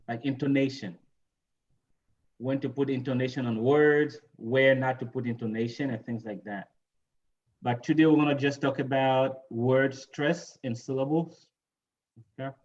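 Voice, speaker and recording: A man's voice: mid-range voice, dull audio. A man teaching English pronunciation to a class over a video call, casual and repeating "you know" and "right?".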